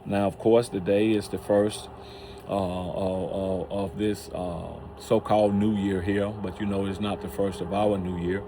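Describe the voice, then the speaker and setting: Low-voiced man, halting preaching talk. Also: flat delivery, background noise. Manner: halting, many restarts and fillers. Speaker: channel host. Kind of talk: casual religious teaching talk.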